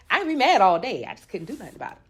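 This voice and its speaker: A woman podcast host telling a comic personal story, animated and profane, talking straight to her listeners. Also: medium pitch, fast talker, husky.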